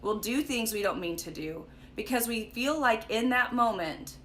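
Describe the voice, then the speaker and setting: Young woman, bright voice, chatty livestream Bible study host, light background hiss. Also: on the high side, lively intonation, moderate pace. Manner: chatty storytelling with frequent "like" and "right?". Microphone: phone or webcam for a live stream.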